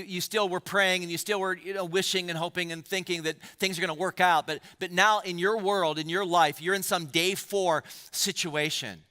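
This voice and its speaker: A man's voice: a little high, bright, forceful tone, smooth, long reverb tail. A man preaching a sermon to a church congregation, asking the crowd questions and repeating words for emphasis. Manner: addresses the congregation directly with questions. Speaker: pastor.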